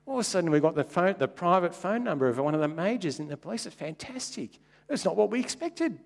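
A man preaching a sermon as a pastor, telling wry anecdotes and jumping up in pitch for emphasis. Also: very animated, quick pace, vocal fry, big-room sound. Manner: wry, anecdotal storytelling with sudden jumps in pitch.

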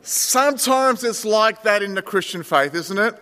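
A man's voice: high voice, expressive, moderate pace, pushed and bright, in a large hall. A male pastor preaching a conversational sermon, addressing the congregation as friends and telling a story. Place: church sanctuary.

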